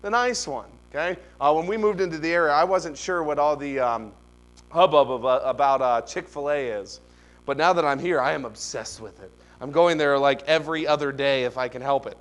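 Animated male pastor preaching a sermon. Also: fairly high pitch, fairly quick. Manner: animated storytelling with rising emphatic questions.

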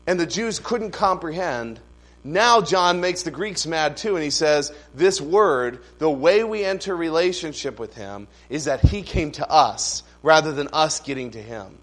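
A man preaching a sermon, explaining scripture in a conversational way with asides and humor, slowing down to stress key phrases. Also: on the high side. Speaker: pastor.

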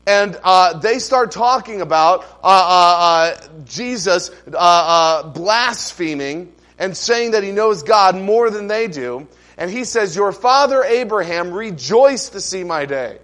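A pastor with a high voice delivers a sermon in a loose, conversational manner. He asks the congregation rhetorical questions and drops in offhand asides. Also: lively intonation, takes it slowly, few pauses, fairly bright tone.

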